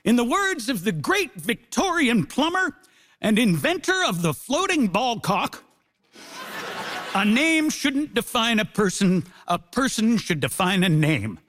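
A man's voice: extremely high pitch, sing-song, unhurried, fairly bright tone. A man delivering a mock-grand comic debate speech on a theatre stage. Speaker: comedian debater.

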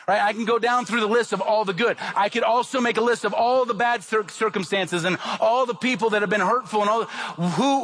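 Man, pastor, sermon, high-pitched, emphatic, repetitive. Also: fairly bright tone. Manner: emphatic, repetitive, rhetorical questions.

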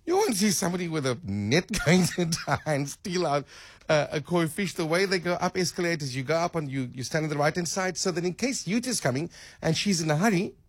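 A man hosting a chat show, musing aloud with repeated words and turning animated when excited. His voice is husky and dry, recorded close in a studio. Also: a little high, brisk, no room sound. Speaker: radio host. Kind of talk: casual radio chat.

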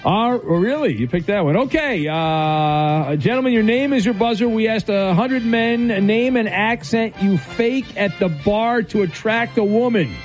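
A man's voice: high voice, a little slow, few pauses, faint music behind. A man hosting a radio call-in game show in a casual, rambling way, with many fillers and restarts.

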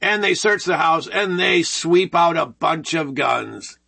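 High-pitched, gravelly talk radio host. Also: male voice, lively intonation, slow, sharp tone. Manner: joking, rambling, sarcastic.

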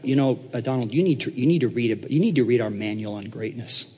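A preacher as a mild, patient apostle. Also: male voice, medium pitch, lively intonation, quick pace, dark tone, breathy edge, big-room sound. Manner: hesitant, mild, placating. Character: patient older male apostle teacher, calm.

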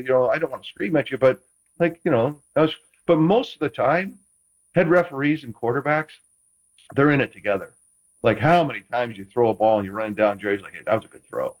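A former quarterback chats casually as a guest, his fairly high voice captured on a rough recording. He rambles, restarts often, and teases playfully.

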